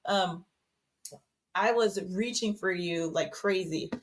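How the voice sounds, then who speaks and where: Chatty woman guest, lowish voice. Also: normal speed. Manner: chatty storytelling, many fillers and restarts. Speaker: podcast guest. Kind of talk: casual podcast conversation.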